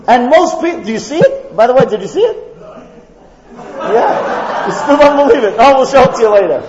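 Male rabbi preaching to an audience, high-pitched and very animated, acts out his stories, recorded dull and lo-fi in a reverberant hall. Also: normal speed, noisy background. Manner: animated storyteller, acts out characters in the story, jokes. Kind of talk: lively sermon to a live audience. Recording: echoey hall, dull lo-fi sound.

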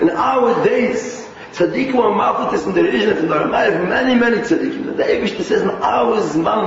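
A high-pitched man with a Yiddish-inflected English accent preaches animatedly and often restarts his phrases. He is heard from a distance in a large, strongly echoing hall. The sound is muffled, with a faint hiss of noise behind him. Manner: animated, mixing Yiddish and Hebrew terms, many restarts. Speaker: rabbi giving a Torah talk. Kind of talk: sermon.

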